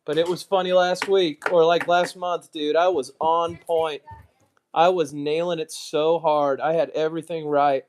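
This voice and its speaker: A man's voice: a little high, flat delivery, a little slow. An American man chatting casually on a live stream, muttering asides and mocking himself as he goes. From United States. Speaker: streamer, card collector.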